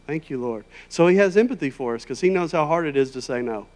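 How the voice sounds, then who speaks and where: Man, sermon, conversational and emphatic, bit high-pitched, church sanctuary. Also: animated, quick pace. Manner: emphatic, conversational, rising to loud high peaks. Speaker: preacher. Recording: long hall reverb.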